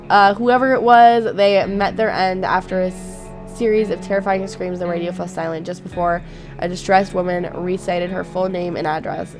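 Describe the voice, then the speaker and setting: A woman YouTuber giving chatty, reactive commentary on a game, reading its text aloud and swearing freely. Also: medium pitch. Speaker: gaming YouTuber. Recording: faint game music behind.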